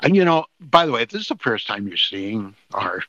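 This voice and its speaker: A man's voice: lowish voice, very animated, a little fast, sharp tone, dry recording. A man from New Jersey co-hosting a comedy podcast, talking in a cranky, ranting way. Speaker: podcast co-host. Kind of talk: casual comedic chat. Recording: dull lo-fi sound, dry.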